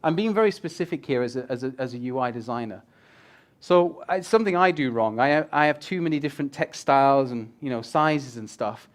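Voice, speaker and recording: A man with a mid-range voice moves at a fairly quick pace through a casual presentation on user experience design for a live audience in an event room. He's animated and jokey with the crowd, and swears now and then.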